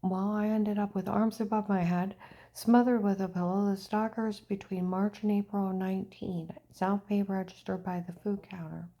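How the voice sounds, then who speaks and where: A woman giving a personal testimony monologue, often dropping into a hushed whisper. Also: mid-range voice, level tone, moderate pace. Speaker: person telling her own story.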